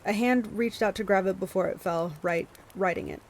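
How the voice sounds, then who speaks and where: A woman's voice: mid-range voice, moderate pace, slight background noise, poor audio. A woman hosting a book club stream, reading a novel aloud with small stumbles and self-corrections, and chatting to her viewers between passages.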